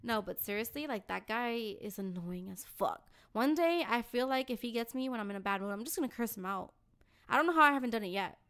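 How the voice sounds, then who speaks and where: A young woman co-hosting a podcast, telling a story in a blunt, animated, profane way. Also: fairly high pitch, brisk. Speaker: podcast co-host. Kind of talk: casual podcast chat.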